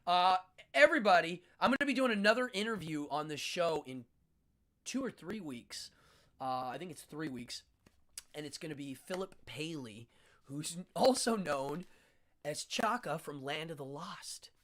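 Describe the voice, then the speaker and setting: A man's voice: on the high side, expressive, moderate pace, a bit bright. A man hosting a live internet show, chatting casually and rambling with frequent laughs. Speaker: host. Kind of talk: casual live-stream chat.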